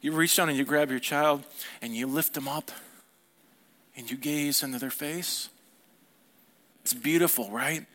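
A man's voice: mid-range voice, measured pace, long pauses, fairly bright tone. A middle-aged man preaching a sermon in a conversational way, often asking the congregation questions. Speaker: pastor.

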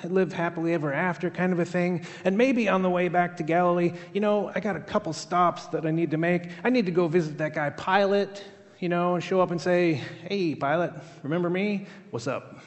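A man's voice: sits high, fairly quick, big-room sound, highs cut off, lightly acted. A man preaching a sermon, voicing a jubilant risen man who playfully taunts old foes. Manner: playful, cocky.

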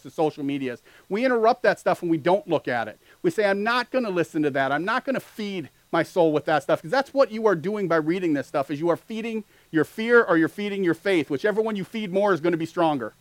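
A man preaching a sermon as pastor, earnest and building to loud animated peaks. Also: high-pitched, quick pace, few pauses, no room sound, poor audio.

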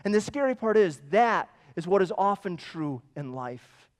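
A man preaching a sermon, telling stories in long quoted runs and swinging between hushed and emphatic delivery. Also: sits high, very animated, moderate pace, long reverb tail. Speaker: pastor.

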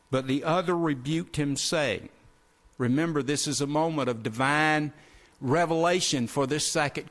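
Earnest male preacher, rhetorical questions. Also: fairly high pitch. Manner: earnest, addresses listeners as folks, asks rhetorical questions. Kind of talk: sermon.

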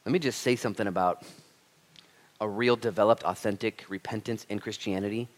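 A male pastor preaching a sermon in church, animated and frank, acting out quoted speech with humor. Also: on the low side, a little fast. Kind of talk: sermon with storytelling.

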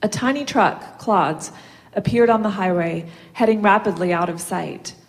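A woman reading a story aloud in a steady, measured way. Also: medium pitch. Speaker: reader.

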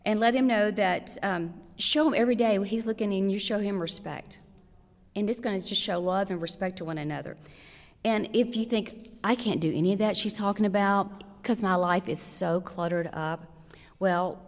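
A woman giving practical marriage advice to a church audience, earnest and direct, full of rhetorical questions. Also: mid-range voice. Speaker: church women's speaker. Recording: long hall reverb.

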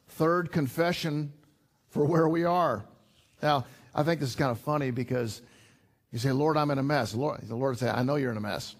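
An older man preaching a sermon in an earnest, conversational way. He repeats himself often and builds to emphatic rises. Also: medium pitch. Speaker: pastor.

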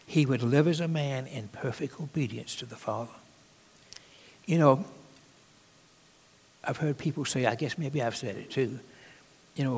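Male preacher, husky voice, chatty sermon delivery with halting asides, big reverberant hall. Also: mid-range voice.

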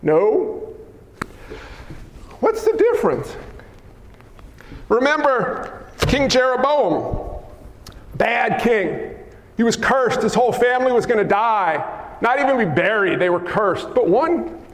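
A male pastor preaching a lively, teasing sermon, acting out scenes in a church sanctuary. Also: extremely high pitch, takes it slowly, long pauses. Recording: echoey hall with long reverb.

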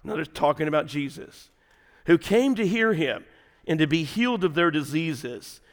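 A man preaching a sermon as pastor, animated and conversational, swinging between loud emphasis and hushed asides. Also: a little high, moderate pace, big-room sound.

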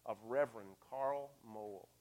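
A man's voice: mid-range voice, unhurried, a little mellow. A male pastor, earnestly telling a vivid story in a sermon.

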